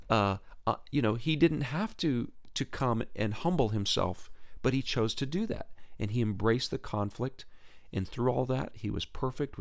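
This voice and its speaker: A man hosting a Christian podcast, talking in an earnest, casual way, often repeating words and restarting, his pitch rising sharply when he gets excited. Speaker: podcast host.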